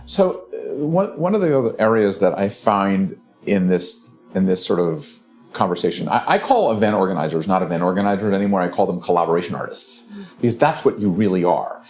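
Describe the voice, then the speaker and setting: A man's voice: low-pitched, brisk. Male podcast host, casual and eager, talks over guests, faint music underneath. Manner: interrupts often, restarts phrases, animated. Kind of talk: casual interview chat.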